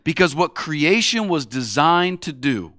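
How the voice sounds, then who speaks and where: A man's voice: fairly high pitch, big pitch swings, unhurried, sharp tone, dry recording, studio quality. A man preaching a sermon in a conversational way, acting out the voices he quotes. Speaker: pastor.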